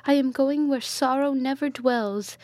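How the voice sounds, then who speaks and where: A woman reading aloud and voicing a dying young princess who speaks softly, faintly and tenderly. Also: high voice, unhurried, no room sound, pitched above the performer's own voice.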